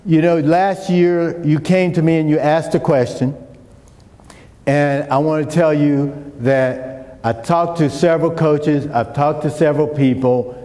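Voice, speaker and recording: A middle-aged man telling a personal story to an audience, acting out the dialogue with lively shifts. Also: mid-range voice. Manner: animated storyteller, acts out dialogue. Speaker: speaker. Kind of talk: storytelling talk. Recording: echoey hall with long reverb.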